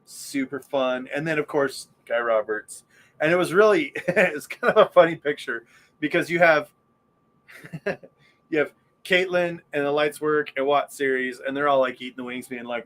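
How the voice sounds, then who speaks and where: A man's voice: fairly high pitch, normal speed, a bit bright. A man hosting a podcast in casual chat, rambling and enthusiastic, with lots of fillers. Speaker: podcast host.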